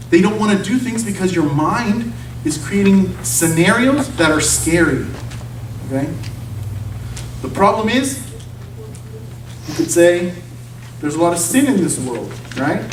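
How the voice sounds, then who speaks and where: A man gives a relaxed, conversational talk from the front of a church, his pitch rising and falling freely as he makes his points. He keeps checking in with the room, asking "you see?" and "okay?" The recording sounds distant and echoey, with a faint hiss underneath. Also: measured pace, pauses often. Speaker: guest speaker at a church. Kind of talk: informal sermon talk. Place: church sanctuary.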